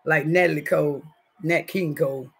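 A woman's voice: deep voice, steady tone, normal speed, gravelly, slightly rough. A middle-aged woman, chatting casually on a live stream from her home kitchen as she cooks, rambling and joking with salty language. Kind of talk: casual live-stream chat while cooking.

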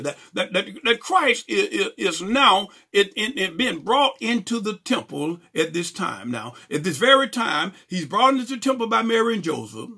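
A man's voice: high voice, pushed and bright, slightly rough. A male pastor preaching a sermon, peppering his lines with "praise God" and questions to the congregation.

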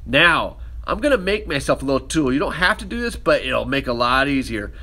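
Man, ceramics teacher, bright tone, easygoing hands-on demo talk. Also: medium pitch, brisk. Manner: relaxed, talks while working with hands. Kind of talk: casual demonstration lesson.

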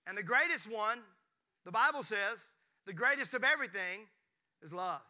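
Animated pastor in his fifties. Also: sits high, normal speed. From Mississippi, US. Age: 50s. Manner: preaching with call-and-response to the congregation; animated, jokes and playful asides. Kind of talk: sermon.

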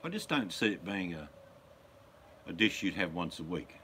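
A deep, low-pitched middle-aged man hosting a casual stream, talking bluntly with crude jokes. A faint hiss sits under his voice. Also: very animated, moderate pace, a bit bright. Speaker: host. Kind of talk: casual live-stream chat.

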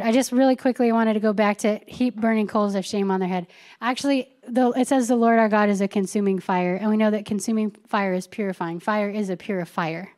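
A woman's voice: mid-range voice, fairly even intonation, fairly quick, a little mellow. A woman pastor giving a conversational sermon, telling everyday stories with chatty asides and reading scripture.

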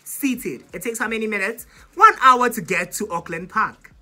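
A woman's voice: a little high, normal speed, sharp tone. A young South African woman in her twenties with a South African accent, dramatically retelling a storytime vlog and mixing in isiZulu words. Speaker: YouTuber.

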